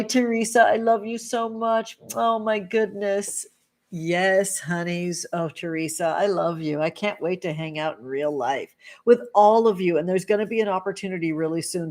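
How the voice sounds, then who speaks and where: With a voice on the low side and a darkish tone, a witch and tarot reader hosts a casual livestream. She is gushing and affectionate, calling viewers pet names and greeting them by name.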